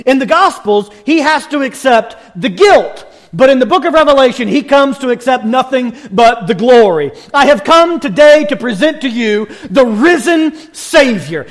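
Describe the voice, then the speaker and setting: Man preaching a sermon, really high voice, punchy repeated contrasts that build and build. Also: lively intonation, moderate pace, few pauses. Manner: rhythmic, building parallel contrasts, emphatic.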